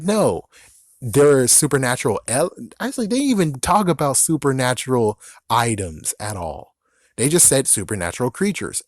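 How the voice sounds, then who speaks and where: A man's voice: medium pitch, dry recording, clean studio sound. Man ranting in a rambling way. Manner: exasperated, rambling, self-interrupting. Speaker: vlogger. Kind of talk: casual ranting commentary.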